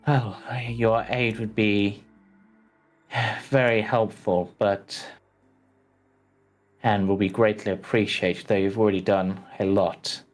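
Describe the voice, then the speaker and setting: Man voicing a polite village priest, tabletop role-play, lowish voice, very slow, hesitant with ums. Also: fairly even intonation, soft background music. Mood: earnest. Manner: hesitant, full of ums and restarts. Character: earnest male village priest, cautious and polite. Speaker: game master.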